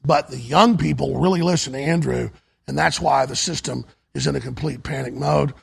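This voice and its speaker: Hoarse male talk show host, gravelly and raspy, pushy on-air sales pitch. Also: normal speed. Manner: urgent, repetitive sales pitch. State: hoarse, voice nearly gone. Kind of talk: on-air fundraising and product pitch.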